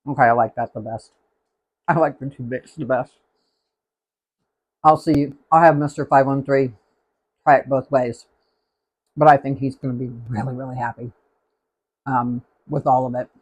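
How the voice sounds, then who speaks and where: A man's voice: medium pitch, steady tone, moderate pace, long pauses, husky, dull audio. A man hosting a live cooking stream, chatting casually and rambling as he tastes the food. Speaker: cooking show host.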